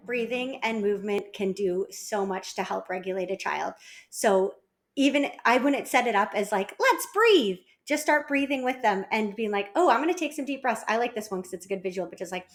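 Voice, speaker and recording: A woman working as a parenting consultant, giving an instructional presentation in a calm, explanatory, step-by-step way. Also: medium pitch. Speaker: early childhood parenting consultant.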